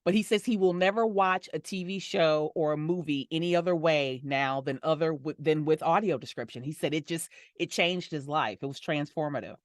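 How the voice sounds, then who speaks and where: Warm smiling woman voice talent. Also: deep voice, normal speed, few pauses, dry recording, studio quality. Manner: warm, smiling, laughs easily. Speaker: audio description narrator and voice actor. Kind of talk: conversational interview answers.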